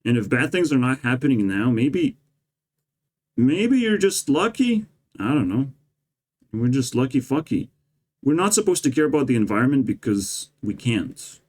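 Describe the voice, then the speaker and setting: A man's voice: mid-range voice, sing-song, moderate pace, darkish tone. A man delivering a rambling, profane and sarcastic monologue as a vlogger. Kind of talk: ranting monologue.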